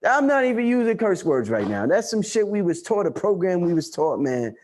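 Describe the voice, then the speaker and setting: Male livestream host, high voice, forceful preaching rant. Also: big pitch swings, moderate pace. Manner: loud, emphatic, profane preaching; reads and answers viewer chat.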